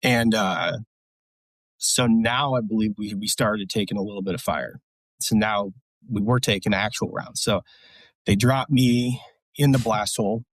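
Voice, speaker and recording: A man's voice: fairly low pitch, a little slow, no echo. Blunt, profane man telling a war story. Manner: blunt, profane, rambling with many fillers. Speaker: guest, military veteran. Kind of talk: casual storytelling.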